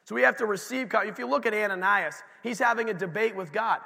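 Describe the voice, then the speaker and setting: Preaching in a church sanctuary, this man speaks fast in a high-pitched voice with vocal fry and a sharp tone. His sermon unfolds as conversational storytelling with asides to the congregation, echoing with a church hall's long reverb.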